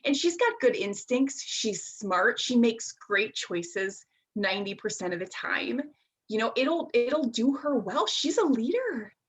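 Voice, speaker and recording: A woman in her thirties with a fairly high voice, speaking as a guest in an interview. She talks reflectively and chattily, often pausing on fillers before going on. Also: animated. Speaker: guest, life coach. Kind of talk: casual interview chat.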